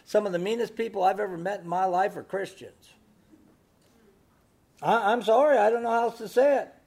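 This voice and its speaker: A man preaching a sermon, moving between hushed storytelling and loud, emphatic exhortation full of rhetorical questions. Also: high-pitched, moderate pace, gravelly. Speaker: pastor.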